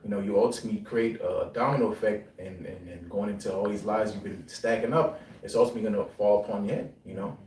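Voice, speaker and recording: Low-voiced man reading scripture aloud. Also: a little mellow, slight background noise. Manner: reads verses aloud then explains with many "you know"s. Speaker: Bible class participant. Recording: echoey room from far off.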